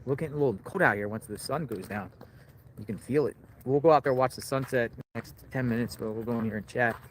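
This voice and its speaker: A man's voice: mid-range voice, fast talker. Male stream host, upbeat, repeats catchphrases, faint noise behind. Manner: upbeat, repetitive, reads viewer messages aloud. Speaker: livestream host. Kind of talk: casual livestream chat. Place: outdoors, then indoors.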